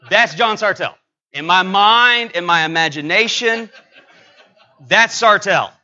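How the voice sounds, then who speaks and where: Halting, bright-voiced male preacher. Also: high voice, highs cut off. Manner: halting, anecdotal, many fillers and restarts. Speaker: pastor. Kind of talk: sermon with personal story.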